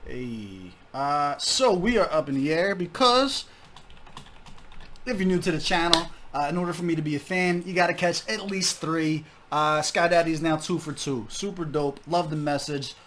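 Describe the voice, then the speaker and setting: A young man talks through his score for a track in a casual, candid way, swearing freely and gushing with enthusiasm. His voice sits a little high for a man. A faint hiss runs under the desk mic. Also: normal speed, a bit bright. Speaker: music reaction host. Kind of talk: casual music review. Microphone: desk microphone.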